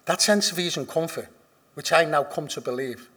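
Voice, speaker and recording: A man with a Liverpool accent shares his recovery story bluntly and profanely. His voice is gravelly and sits a little high for a man. He swings between hushed confession and loud, laughing emphasis. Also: moderate pace. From Liverpool, England. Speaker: speaker sharing at a recovery meeting. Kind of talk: personal recovery testimony.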